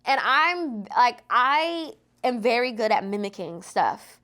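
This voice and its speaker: Young woman, podcast guest, slightly high voice, chatty, lots of fillers. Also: big pitch swings, slow, sharp tone. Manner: chatty, many "like" fillers, laughing storyteller. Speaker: guest, content creator. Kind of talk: casual podcast chat.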